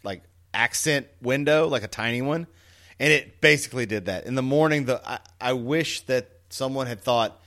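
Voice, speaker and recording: A man co-hosting a casual movie podcast, telling animated, jokey stories. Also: mid-range voice, normal speed. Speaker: podcast co-host. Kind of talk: casual chat about a movie.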